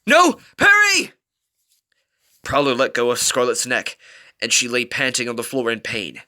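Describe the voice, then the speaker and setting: A man's voice: medium pitch, level tone, moderate pace, bright, forceful tone. A man reading a fan story aloud, telling it dramatically with small slips. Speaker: reader.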